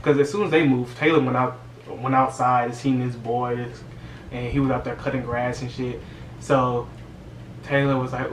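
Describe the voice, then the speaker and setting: A man recaps a movie in an animated, slangy rant at a middling pitch. He sits away from the mic in a roomy space, and faint ambience runs underneath. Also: normal speed, recorded from a distance, a little hiss or hum. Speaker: movie reviewer.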